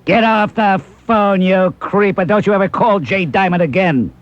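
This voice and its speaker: A man doing an impression of a gruff male talk-radio host who brushes off a caller with dismissive put-downs. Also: sits high, moderate pace, pitched above the performer's own voice, close to an everyday voice. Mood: scornful. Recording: dull lo-fi radio broadcast.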